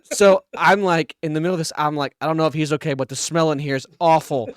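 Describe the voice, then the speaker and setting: A man on a podcast telling a crude, animated story between laughs in casual chat. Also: fairly high pitch, quick pace, clear, resonant tone, dry recording, studio quality. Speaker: podcast co-host.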